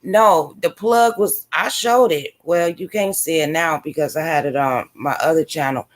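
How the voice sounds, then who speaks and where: A woman's voice: low-pitched, normal speed. Casual woman streamer chatting. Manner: loose, emphatic storytelling. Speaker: live streamer. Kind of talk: casual chat.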